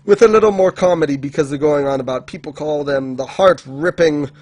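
A man's voice: a little high, a little fast, darkish tone. Giggly man recapping an anime episode. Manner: giggly, keeps laughing and acting out characters' lines. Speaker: anime podcast co-host. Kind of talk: casual chat recapping an episode.

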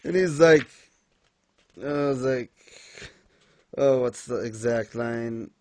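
A man's voice: mid-range voice, takes it slowly, no echo. A young man in casual chat, ranting in exasperation about a comic and mocking scenes in put-on voices. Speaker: podcast co-host reviewing manga.

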